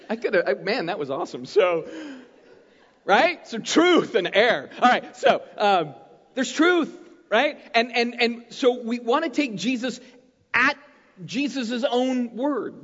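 A man preaching a sermon as pastor, talking in an animated, conversational way and checking in with his listeners often. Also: very high voice, measured pace, breathy edge. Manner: conversational, animated preaching with frequent "right?" tags. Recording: muffled, long hall reverb.

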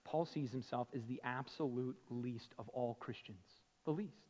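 A male pastor preaching a sermon, swinging from hushed, slow emphasis to loud, fervent passages. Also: medium pitch. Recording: muffled sound with long hall reverb.

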